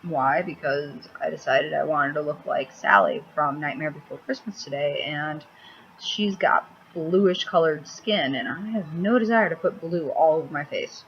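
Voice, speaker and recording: A makeup vlogger with a low voice talks a little slowly, rambling bluntly and crudely in a casual video at home. She comes across cranky and swears freely. Her laptop mic gives the audio a slightly dull quality with faint hiss.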